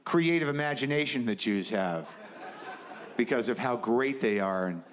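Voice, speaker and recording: A man's voice: medium pitch, animated, normal speed, crowd noise. A man doing a stand-up comedy set on stage, riffing in a rambling, conversational and profane way. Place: stage before a live audience. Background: faint audience laughter.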